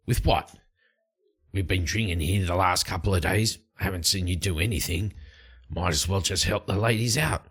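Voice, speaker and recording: A pushy adventurer, voiced by a man narrating a tabletop game, teases his friend in a low voice. He keeps up a needling, prodding tone. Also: moderate pace, fairly bright tone, husky. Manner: teasing, needling.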